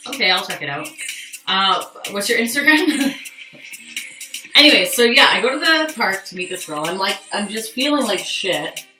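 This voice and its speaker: A woman's voice: mid-range voice, very animated, normal speed, sharp tone, far from the mic. A young woman telling a personal story on a live stream, candid and profane, chatting with viewers. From Canada. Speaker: livestream host. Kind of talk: casual storytelling. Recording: echoey room, off mic, faint music.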